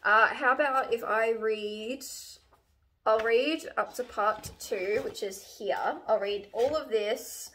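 A woman's voice: fairly high pitch, takes it slowly. A young woman chatting casually on her own channel about books she is reading, rambling with lots of fillers and restarts. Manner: relaxed, chatty. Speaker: book vlogger. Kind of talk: casual book review chat.

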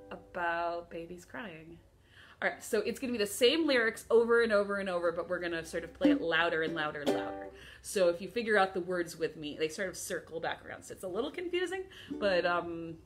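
A woman's voice: medium pitch, sharp tone. A woman leading a children's storytime at home, reciting poems in a playful sing-song way, chuckling as she goes, with a ukulele behind her.

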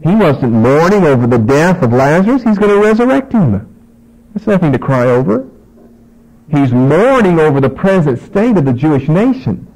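A man's voice: fairly high pitch, very animated, normal speed, a little mellow, poor audio. A man preaching a sermon, reading scripture aloud and acting out the dialogue with emphasis.

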